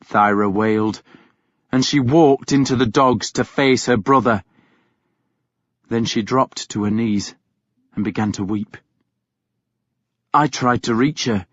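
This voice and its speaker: A man reading an audiobook as scripted first-person narration, grave and measured. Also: medium pitch, a bit bright, no echo. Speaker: audiobook reader. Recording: dull, dry studio recording.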